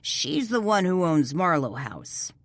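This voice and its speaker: A tired police officer talks calmly and patiently, read by a woman narrator. The voice sits low and the sound is dry. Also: slow, dry recording, heavily acted. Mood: weary. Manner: calm, sighing, level. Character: weary middle-aged male police officer, patient.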